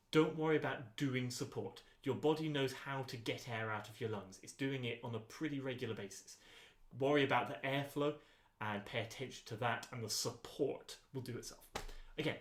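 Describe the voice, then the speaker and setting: A man leading a choir rehearsal voice lesson, giving calm, unhurried instructions with frequent ums. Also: medium pitch. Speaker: choir voice teacher. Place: rehearsal room. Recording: echoey rehearsal room.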